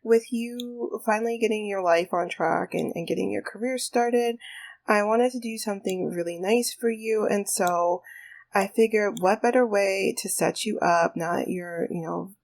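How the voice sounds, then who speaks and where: A woman's voice: medium pitch, moderate pace, gravelly, lightly acted. A woman voicing a proud, affectionate father in a life-sim game playthrough, who keeps calling his daughter baby girl. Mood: doting. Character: proud doting father, grown man.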